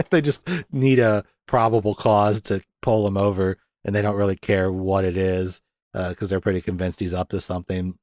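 Here a podcast host with a lowish voice and normal pace walks through film scenes in a relaxed movie chat, full of laughter and acted-out quotes. Studio sound is clean, without echo.

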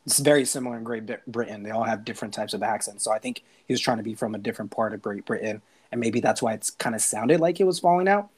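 A man's voice: lowish voice, fast, few pauses, slightly rough. An American man co-hosting a movie podcast, laid-back and easygoing, often restarting his sentences and calling his friends bro. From United States. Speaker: podcast co-host. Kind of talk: casual movie review chat.

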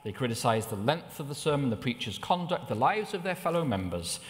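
A middle-aged man preaching a sermon, telling personal stories with lively rises in pitch. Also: a little fast. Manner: anecdotal, with animated rises in pitch. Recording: long hall reverb.

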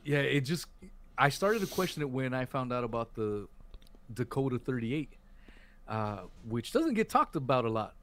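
Man, podcast host, casual chat, mid pitch, rambling, says "dude". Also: very animated, moderate pace, fairly bright tone, a little hiss or hum.

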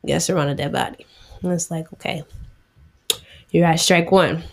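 A woman's voice: sits low, fairly even intonation, normal speed, vocal fry. A young woman retelling a Bible story in a chatty, slangy way, acting out the characters' lines.

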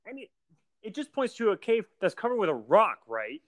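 Animated man recapping a movie. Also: high voice, brisk, dry recording. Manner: animated, acts out scenes in mock voices. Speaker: podcast co-host. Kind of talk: casual chat.

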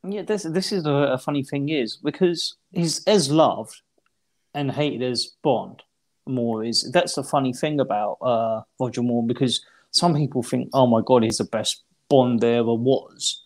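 A man giving opinions on a film in casual podcast chat, rambling and halting. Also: medium pitch. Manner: rambling, halting, many restarts. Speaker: podcast co-host.

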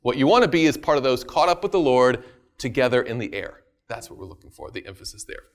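A man's voice: medium pitch, very animated, quick pace. A man giving a casual Bible study talk, emphatic, repeating phrases for stress and often checking in with his listeners. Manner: emphatic, keeps checking in with "right?". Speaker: Bible teacher.

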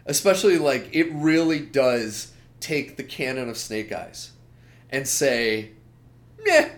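A man's voice: medium pitch, takes it slowly. Opinionated man ranting in casual chat. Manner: animated, opinionated ranting with frequent asides. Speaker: podcast co-host.

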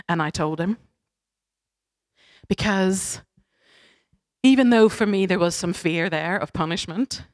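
A young woman giving a sermon, telling a personal story in a chatty, animated, self-deprecating way. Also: on the low side. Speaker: preacher.

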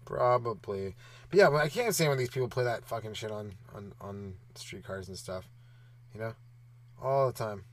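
A young man hosting his own comedy podcast, riffing and ranting alone with lots of swearing and quick mocking asides. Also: on the low side, expressive. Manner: profane, riffing, mocking voices mid-rant. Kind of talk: rambling solo comedy podcast.

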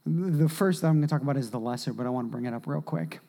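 Animated male preacher, loud to hushed. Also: on the high side, very fast, creaky. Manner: animated, swings from loud shouting to hushed near-whispers. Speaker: pastor. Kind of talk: sermon.

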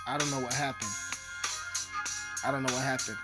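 A man's voice: medium pitch, fairly even intonation, fairly quick, loud music behind the voice. A man hosting a podcast in a crude, rambling, mock-aggressive comic monologue. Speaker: podcast host.

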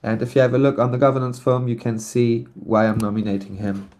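A man's voice: medium pitch, flat delivery, fast talker, a little mellow. A man whose first language is not English, speaking on a community voice call and announcing a nomination with many ums and restarts. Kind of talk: casual chat on a community voice call. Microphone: online voice call.

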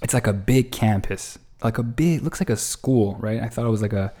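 Rambling, swearing man with a mellow voice. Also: lowish voice, moderate pace. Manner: rambling, profane, lots of restarts; exasperated, animated retelling. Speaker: storyteller. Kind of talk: casual anecdote monologue.

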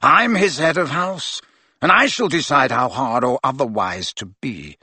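A man voicing a cold, stern male schoolmaster who speaks low, quietly and in clipped phrases, in an audiobook. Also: big pitch swings, normal speed, gravelly, breathy edge, no room sound, exaggerated voice. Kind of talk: audiobook character voice.

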